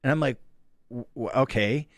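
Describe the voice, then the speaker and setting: A man's voice: mid-range voice, normal speed, no room sound, studio quality. A Canadian man hosting a sports radio show, telling stories in casual talk and acting out the voices of the people he quotes. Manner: animated storyteller, acts out quoted voices. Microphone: studio microphone.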